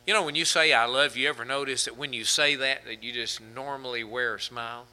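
A man with a steady, mid-range voice preaches at a quick pace, asking his congregation rhetorical questions and sharing humorous anecdotes laced with fillers. His sermon often builds into louder, fervent passages.

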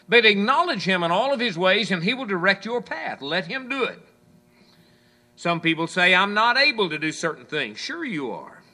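A man preaching a sermon in a high, bright voice that leaps around in pitch. He quotes scripture and mimics the excuses of his listeners. Some lines ring out loud and others fall almost to a murmur. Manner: swings from loud to hushed.

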